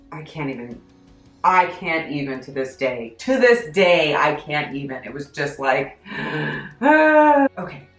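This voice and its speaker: A woman telling a story from her job in a chatty, self-deprecating, animated way for her vlog. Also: very deep voice. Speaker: vlogger recounting a job story. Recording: echoey room.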